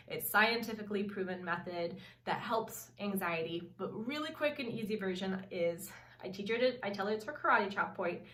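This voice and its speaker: A woman's voice: medium pitch, fairly bright tone. A woman in her thirties, a parenting coach giving casual advice, earnest and leaning on "really" for emphasis. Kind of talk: casual advice talk to camera. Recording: roomy sound, mic at a distance.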